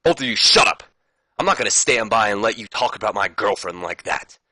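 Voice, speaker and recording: A man voicing an angry male wrestler who is indignant and shouting. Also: on the low side, fairly quick, no echo. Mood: threatening.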